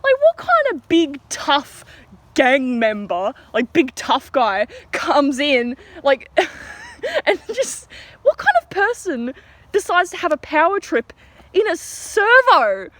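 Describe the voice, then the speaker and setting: A teenage girl with an Australian accent tells a storytime rant outdoors. Her voice sits high and jumps around a great deal in pitch. She talks in a chatty, giggly way, full of fillers and restarts. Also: huge pitch swings, slow, fairly bright tone, dry recording. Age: teens. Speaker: vlogger.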